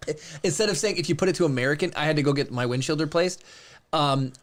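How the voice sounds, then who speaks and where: A man in his thirties co-hosting a podcast, telling stories in a rambling, animated way. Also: fairly high pitch, fast. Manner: rambling, animated storytelling with restarts. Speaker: podcast co-host. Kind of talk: casual chat.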